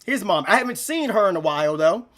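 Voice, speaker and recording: A man's voice: high-pitched, lively intonation, quick pace, a bit bright. A young man talking straight to camera in an emotional, rambling monologue, repeating himself, using slang, and close to tears. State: near tears. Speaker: gaming channel vlogger.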